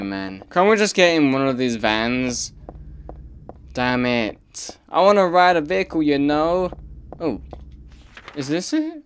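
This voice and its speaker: Brief: male let's-player, slow and chatty, mid-pitched, exclaims at every scare. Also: background noise. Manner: reactive, exclaiming and muttering to himself. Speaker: let's play gamer. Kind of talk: casual gameplay commentary.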